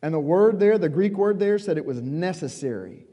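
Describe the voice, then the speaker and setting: A man preaching a sermon in a conversational, emphatic way, dropping suddenly quiet at moments. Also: high voice, expressive, moderate pace, husky, in a large hall. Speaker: pastor.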